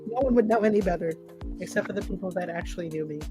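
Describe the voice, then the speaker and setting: A young woman co-hosting a podcast, chatting casually with a friend, animated and laughing, swearing freely. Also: lowish voice, very fast, music in the background. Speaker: podcast co-host. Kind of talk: casual chat between friends.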